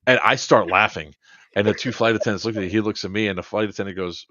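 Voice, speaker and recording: A man's voice: lowish voice, fairly quick, no room sound, dull audio. A man co-hosting a podcast, telling a long funny story in a casual chat and quoting people back and forth. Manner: animated anecdote-telling, quoting others in dialogue. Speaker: podcast co-host.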